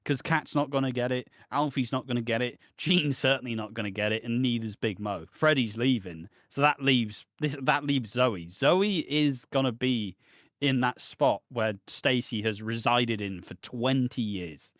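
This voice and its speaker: A man from the United Kingdom hosts a casual podcast, rattling through a soap recap with plenty of swearing. His voice sits at an ordinary pitch, and it is recorded close and dry with no room sound. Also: moderate pace, fairly bright tone, no room sound. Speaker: podcast host.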